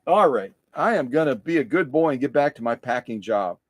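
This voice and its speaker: A man's voice: medium pitch, animated, brisk. A middle-aged man casually chatting on a livestream while packing a machine in his workshop, repeating himself and poking fun at his own slips. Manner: chatty, repeats phrases, self-deprecating. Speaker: livestream host restoring sewing machines. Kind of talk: casual live-stream chat while working.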